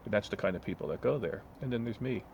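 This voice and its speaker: Very deep-voiced man ranting, blunt and profane. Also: animated, quick pace, vocal fry, darkish tone, a little hiss or hum. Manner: blunt, swearing, storytelling with mocking voices. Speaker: vlogger. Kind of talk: profane casual rant.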